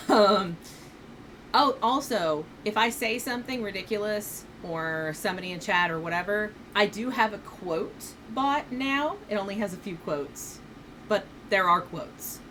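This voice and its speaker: A woman's voice: mid-range voice, unhurried, a bit bright, slight background noise. A woman streaming a game from home, chatting casually with her audience. She rambles with many fillers and pokes fun at herself. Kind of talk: casual live-stream chat while playing a game. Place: home room, seated on her bed. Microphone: streaming microphone.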